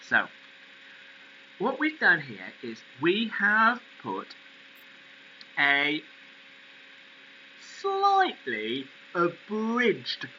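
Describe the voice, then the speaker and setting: Bright, slow-speaking male teacher. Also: high voice, lo-fi sound, slight background noise. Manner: expressive, lively reading. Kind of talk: reading a story aloud and explaining vocabulary.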